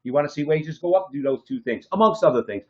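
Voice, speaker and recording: A man's voice: a little high, expressive, quick pace. A man co-hosting a political talk show, speaking emphatically and often adding "okay?" for stress. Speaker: co-host. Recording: slightly dull lo-fi sound.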